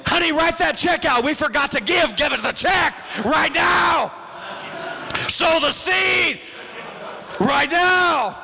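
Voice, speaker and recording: A man voicing an overeager churchgoer who gushes agreement and shouts. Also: very high-pitched, slow, gravelly, long reverb tail, some chatter behind, slight background noise, pitched above the performer's own voice, heavily acted, low-quality recording. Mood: gushing. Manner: gushing, shouting.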